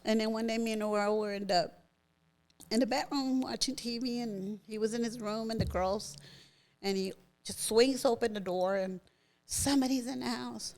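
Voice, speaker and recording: A woman's voice: medium pitch, steady tone, moderate pace, a little mellow. Middle-aged woman telling an emotional story. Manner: vivid, emotional retelling that acts out others' words. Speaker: podcast guest. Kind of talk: personal storytelling in an interview.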